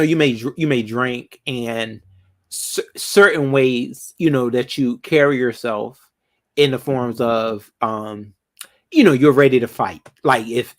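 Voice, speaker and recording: A man hosting a casual live chat with callers, laid-back and rambling, with lots of fillers. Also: medium pitch. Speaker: livestream host.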